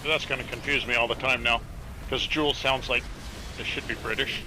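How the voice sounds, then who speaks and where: A man's voice: medium pitch, steady tone, fairly quick, background noise. A man chatting easily with friends over voice chat during a game, poking fun at himself. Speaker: teammate on voice chat. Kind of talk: casual gaming chat.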